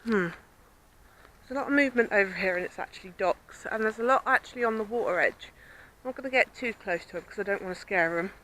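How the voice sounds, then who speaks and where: Bright-voiced southern English woman, rambling outdoors. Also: medium pitch, fast, a little hiss or hum, poor audio. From Southampton, southern England. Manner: chatty, rambling, self-described babbling. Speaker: vlogger. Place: outdoors by a river with swans and ducks.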